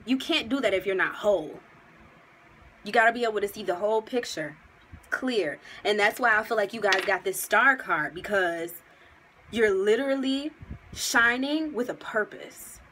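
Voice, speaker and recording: A woman's voice: mid-range voice, lively intonation, normal speed, a bit bright, a little hiss or hum, poor audio. Emphatic, slangy woman reading tarot. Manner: slangy and emphatic, speaks directly to viewers; gets emotional, near tears. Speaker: tarot reader. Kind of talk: casual tarot reading vlog.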